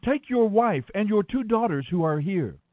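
Guy doing bossy urgent angels, higher voice, phone-ish sound. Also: expressive, moderate pace, dry recording, phone-quality sound. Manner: urgent, commanding. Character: stern commanding male angels.

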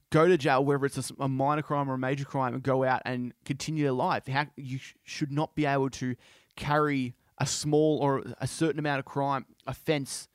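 A man hosting a podcast, speaking in an impassioned, halting way with many restarts. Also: medium pitch, no room sound, studio quality. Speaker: podcast host. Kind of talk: casual monologue.

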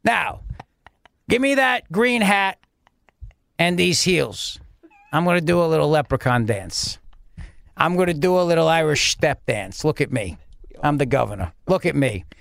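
A man doing a mocking impression of a pompous, boastful male governor in a slow, self-satisfied drawl. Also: a little high, expressive, vocal fry, fairly bright tone, dry recording, pitched below the performer's own voice, heavily acted. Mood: smug.

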